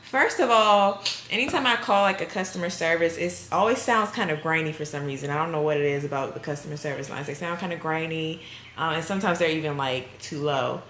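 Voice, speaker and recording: A woman's voice: sits low, brisk, fairly bright tone. A woman vlogging in a casual, chatty way, telling her story with amused exasperation. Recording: roomy, faintly noisy room.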